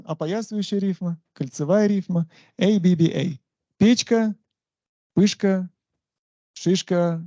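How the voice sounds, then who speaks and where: A university lecturer teaches an English stylistics class, explaining things step by step and often checking that the students are following. The voice is medium-pitched with a darkish tone, and the recording is dry and muffled.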